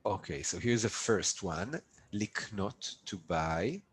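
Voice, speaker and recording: A man's voice: sits low, expressive, takes it slowly, breathy edge, rough recording. A man teaching a live online language lesson, upbeat and coaxing his students to repeat drills after him over a video call. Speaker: Hebrew teacher.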